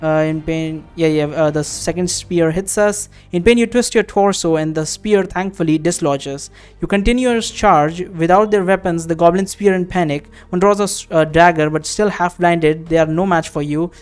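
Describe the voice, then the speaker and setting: A man with a fairly high, smooth voice reads a fantasy text game aloud in a let's-play. Between passages he breaks off into relaxed, offhand commentary, musing aloud and cursing now and then. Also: normal speed, hardly any pauses, faint music behind. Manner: casual, muses aloud and swears offhandedly. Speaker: game streamer.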